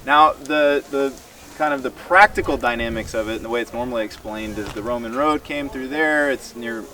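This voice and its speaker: A man giving an animated, emphatic Bible teaching to a tour group outdoors. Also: mid-range voice, normal speed. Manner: animated and emphatic, acts out quoted dialogue. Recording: distant mic outdoors with crowd noise.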